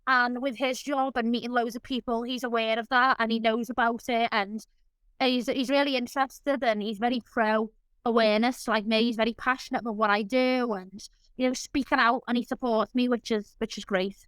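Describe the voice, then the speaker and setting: A woman's voice: fairly high pitch, steady tone, brisk, fairly bright tone, smooth, no echo, low-quality recording. A woman guest in an interview, talking in an effusive, openly emotional way. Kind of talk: casual interview chat.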